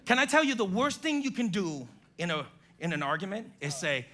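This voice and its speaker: A male pastor preaching a sermon in a church, acting out quotes from spouses in an animated way. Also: high voice, brisk.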